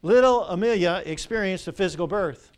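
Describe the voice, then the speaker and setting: An older man preaching a sermon as pastor, asking the congregation questions and pausing for their answers. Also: sits high. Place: church sanctuary.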